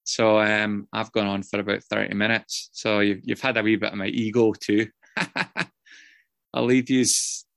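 A man's voice: on the low side, flat delivery, measured pace, creaky, fairly bright tone, no echo, clean studio sound. Rambling, swearing man sharing a story. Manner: rambling, swears often, many fillers, self-mocking. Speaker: guest speaker sharing his story. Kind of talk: casual personal share to a group.

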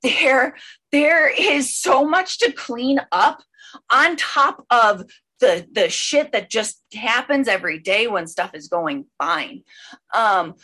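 A woman telling a personal recovery story at an online meeting, rambling with many fillers and bursts of excited speed. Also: fairly high pitch, takes it slowly, husky. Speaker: speaker sharing a recovery story.

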